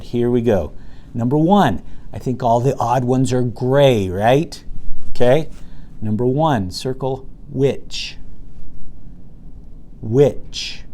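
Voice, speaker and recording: A man leads an online reading lesson for small children, taking his time and drawing each word out. His delivery is patient and sing-song, and his voice sits in a middle register. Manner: bursts loud and high when excited. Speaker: teacher.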